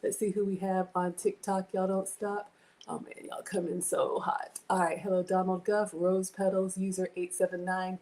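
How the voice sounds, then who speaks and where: A woman's voice: medium pitch, dark tone. A woman in her forties hosting a casual home cooking livestream from her kitchen, chatty and greeting viewers by name.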